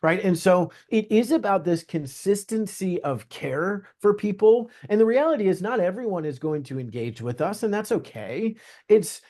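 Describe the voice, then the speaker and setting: A man from Southeast Virginia, a realtor guest on a podcast, telling stories in an earnest, animated way. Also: high voice, moderate pace. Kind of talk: conversational interview.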